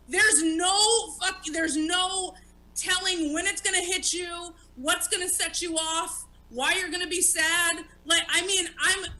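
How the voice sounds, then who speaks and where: A woman's voice: very high voice, pushed and bright, rough recording. A woman in her late thirties, a stand-up comic hosting an online talk show, talking candidly and with plenty of profanity. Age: 30s. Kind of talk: casual live-streamed talk show chat.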